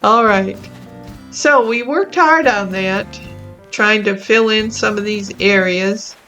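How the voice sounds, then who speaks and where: A woman hosting her own gaming channel, talking through a cozy life-sim game in a gentle, chatty and easily amused way. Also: medium pitch, slow, soft background music. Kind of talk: casual gameplay commentary.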